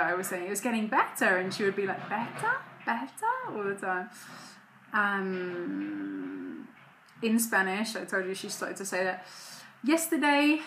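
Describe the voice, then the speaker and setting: A mother chats casually to the camera, rambling from one thought to the next. Her voice is bright and sharp-edged. The sound is echoey, as if recorded in a bare room, with faint noise behind her. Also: medium pitch. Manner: chatty, rambling. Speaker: vlogger and mother. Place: home room.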